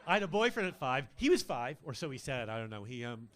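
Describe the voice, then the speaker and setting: A man's voice: very animated, fast talker, a bit bright, slight background noise. An older man performing a camp, teasing stand-up comedy set on a club stage into a handheld mic. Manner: camp, teasing, swoops between mock-deep and high voices.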